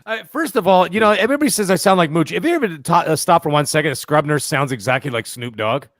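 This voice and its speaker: A man on a podcast panel, excitable and teasing. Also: on the high side, quick pace, no room sound, studio quality. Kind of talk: casual chat.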